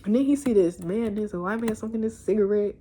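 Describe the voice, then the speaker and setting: A young woman giving a casual, animated recap of a TV episode, laughing and cursing as she tells it. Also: medium pitch, brisk, slight background noise. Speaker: show reviewer. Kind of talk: casual chat video review.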